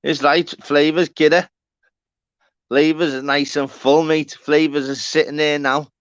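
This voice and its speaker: A man's voice: fairly high pitch, flat delivery, measured pace, clear, resonant tone, no room sound. Brief: Scouse male streamer, matey and rambling, swears a lot, dull dry lo-fi sound. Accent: Liverpool (Scouse). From Walton, Liverpool, England. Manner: rambling and matey, swears, calls viewers by name. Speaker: live stream host. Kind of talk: casual live-stream chat to viewers.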